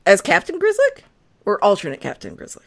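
Lively laughing woman podcast host. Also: brisk, gravelly. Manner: playful, laughs often, swings in pitch. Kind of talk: casual chat.

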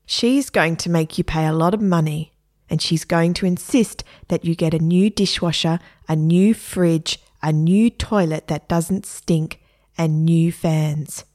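A woman's voice: sits low, a little slow, a little mellow. A woman voicing a bossy female climate official who lectures a family in a read-aloud children's story. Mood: stern, preachy. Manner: lecturing, insistent. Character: bossy female energy-saving official, preachy.

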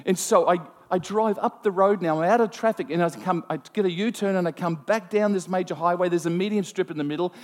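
A man preaching to a congregation, his voice sitting a little high. He tells a story with lively, self-mocking asides. The sound rings out with the long reverb of a large hall. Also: fast talker, hardly any pauses. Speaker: pastor. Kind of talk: sermon.

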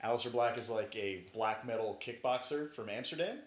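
A man's voice: medium pitch, a little fast. A man hosting a podcast in casual chat, leading the talk and explaining storylines. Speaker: podcast host. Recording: echoey room.

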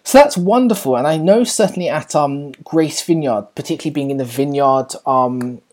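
A woman leading a church teaching session, earnest and encouraging, pausing on fillers and correcting herself as she goes. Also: deep voice, darkish tone.

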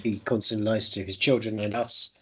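A man's voice: lowish voice, level tone, brisk, husky. A man co-hosting a casual film review chat, opinionated and joking, acting out mock quotes. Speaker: podcast co-host.

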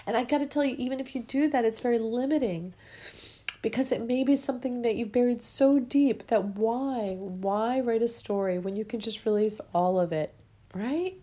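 Tearful woman guiding soft affirmations. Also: fairly high pitch, normal speed. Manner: soft repetitive affirmations, drifting into whispers. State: tearful, crying with a running nose. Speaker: podcast host. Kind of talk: guided emotional release session.

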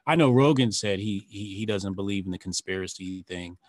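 A podcast host with a fairly low voice who keeps his turns brief and agreeable. He speaks quietly and lets his guest do most of the talking. The recording is dry and close. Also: a little fast, no echo. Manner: quiet, mostly short agreeing replies. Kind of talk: casual podcast conversation.

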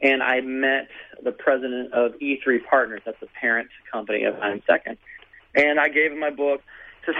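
A man's voice: mid-range voice, fairly quick. Man telling a story over radio. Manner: animated, acts out quoted voices. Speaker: guest telling his story. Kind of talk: casual storytelling. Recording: phone-like radio audio.

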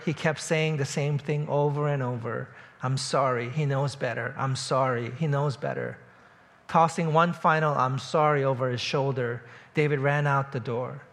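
A man, a church pastor, delivering a sermon that includes a story read aloud, telling it steadily and growing quieter toward the close. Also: fairly high pitch.

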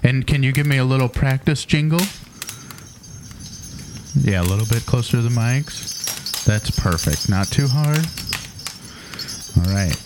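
A married man reading a comic poem in a deadpan voice, apologizing as he breaks into laughter. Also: medium pitch, measured pace, pauses often. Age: adult, married. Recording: noisy background.

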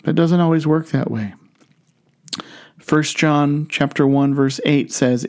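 Measured preacher delivering a sermon. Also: male voice, medium pitch, steady tone, a little mellow. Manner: measured, deliberate scripture reading. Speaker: pastor.

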